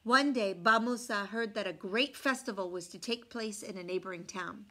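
A woman reading a folk tale aloud from a picture book, expressive, dropping to hushed asides about the illustrations. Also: medium pitch, moderate pace. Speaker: storyteller.

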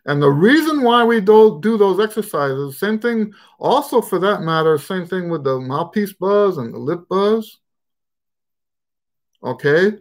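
Here a man from the United States hosts a trumpet question-and-answer stream in a rambling, offhand style full of fillers. His high voice has lively intonation and a slightly slow delivery, and his accent drifts between Texan and Western Pennsylvania flavors of American English.

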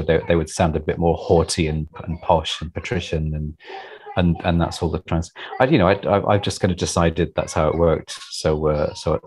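A man's voice: a bass voice, a little mellow, poor audio. A man being interviewed about his writing, chatting casually and self-deprecatingly, with many restarts and repeated words.

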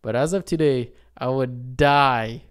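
A man's voice: medium pitch, measured pace, clear, resonant tone. A man co-hosting a podcast, chatting casually with lots of fillers and easy laughs. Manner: relaxed, laughing, filler-heavy. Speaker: podcast co-host.

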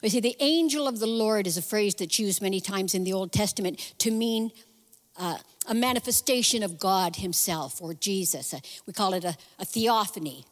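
A woman giving a sermon as guest speaker, telling the story in a lively, conversational way with casual asides. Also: mid-range voice, normal speed, in a large hall. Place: church sanctuary.

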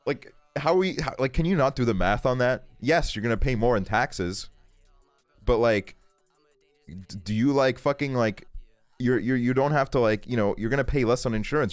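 A man's voice: medium pitch, expressive, moderate pace, no echo, soft background music. A man streaming from his bedroom, chatting casually and ranting with constant swearing and fillers like "like". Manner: profane, ranting, lots of fillers.

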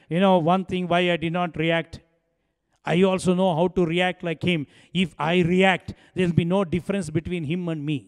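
A man's voice: high voice, flat delivery, moderate pace, clean tone, in a large hall. A man preaching a sermon, telling a story with frequent laughs and acting out both sides of a conversation.

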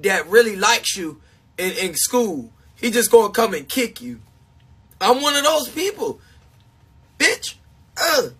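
A man livestreaming to his supporters, talking in a confessional, self-mocking way and swinging between shouting and hushed talk. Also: very high voice, husky. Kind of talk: emotional livestream monologue.

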